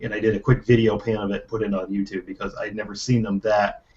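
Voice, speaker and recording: Guy rambling on a video panel, trips over words, lowish voice, muffled sound. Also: level tone, quick pace, a little mellow. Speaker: panelist, writer. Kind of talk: casual panel chat. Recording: dull lo-fi call audio.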